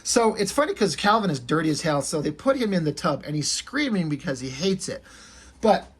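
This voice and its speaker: A man in his thirties or forties talks through comic strips in a loose, rambling way and swears without a second thought. His voice is husky and sits a little high for a man. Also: very animated, a little fast. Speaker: vlogger retelling comic strips. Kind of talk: casual storytelling.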